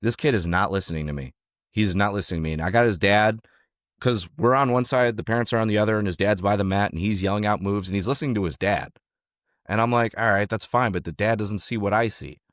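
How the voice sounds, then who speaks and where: A young man telling a coaching story in casual chat, animated, acting out quotes and swearing freely. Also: lowish voice, quick pace, no echo, clean studio sound. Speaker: podcast co-host, former youth wrestling coach.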